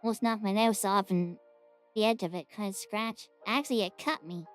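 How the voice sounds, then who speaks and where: A woman's voice: mid-range voice, normal speed, soft background music. A woman wrapping up a reaction video in a chatty, rambling, giggly way. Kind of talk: casual reaction outro.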